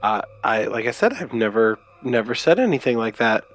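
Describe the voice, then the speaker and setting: A man's voice: mid-range voice, big pitch swings, moderate pace, a bit bright, soft background music. A man playing his character in a tabletop game, answering politely and wryly. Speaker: player. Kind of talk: in-character role-play.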